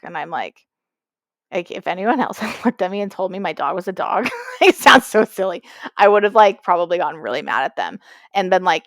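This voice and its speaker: A young woman co-hosts a casual podcast chat, telling stories and slipping into the voices of the people she quotes. Her pitch sits in the middle, and the sound is dry and close with no room echo. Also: a little fast. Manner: animated storytelling, acting out quoted lines. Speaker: podcast co-host.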